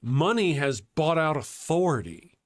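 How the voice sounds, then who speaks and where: A man's voice: on the high side, measured pace, dry recording, studio quality. A man co-hosting a casual live-stream chat, reacting to the others and reading out viewer messages. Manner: relaxed, reacts often, reads super chats.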